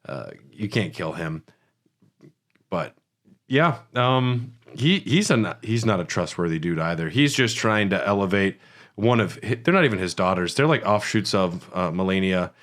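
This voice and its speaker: A man co-hosting a casual gaming podcast, telling stories in a loose, profane, animated way. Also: low voice, moderate pace. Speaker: podcast co-host.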